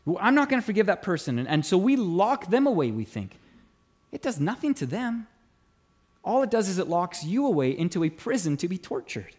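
A male pastor preaching a sermon in an animated way, with dramatic pauses and acted-out quotes. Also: high-pitched, breathy edge.

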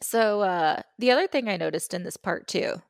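Lively woman with a gravelly edge. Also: mid-range voice, no echo, studio quality. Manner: animated, giggly, quick asides. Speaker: podcast co-host. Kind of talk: casual chat.

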